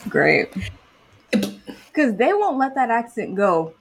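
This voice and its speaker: A woman's voice: on the high side, sing-song, takes it slowly, gravelly, a little hiss or hum. A woman co-hosting a podcast in casual chat, giggly, easily flustered and self-deprecating. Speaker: podcast co-host.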